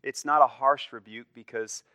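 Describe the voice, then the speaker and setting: A man's voice: mid-range voice, steady tone, normal speed, pushed and bright, dry recording. A man preaching a sermon in an earnest, emphatic way, often starting with "you see" and letting his phrases fall away at the ends. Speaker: pastor.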